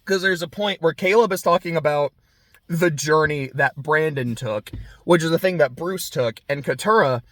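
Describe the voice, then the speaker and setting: A man's voice: a little high, normal speed, no echo. Chatty, swearing man recapping a show. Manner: chatty, profane, excitable storytelling. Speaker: podcast host recapping a TV show. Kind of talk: casual episode recap.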